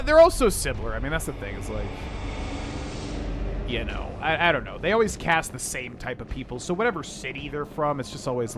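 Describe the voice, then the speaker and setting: Brief: young male streamer, casual rambling commentary, mid-range voice, bursts of excitement, faint room hum. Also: mid-range voice. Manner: rambling, chatty, sudden excited outbursts. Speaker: game streamer.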